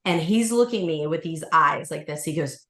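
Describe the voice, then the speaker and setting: A woman who teaches yoga, guesting on a podcast and telling a personal story in a lively, casual way, acting out the voices of the people in it and using lots of fillers. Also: low-pitched, normal speed. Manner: animated, acts out voices, many fillers. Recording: roomy room echo.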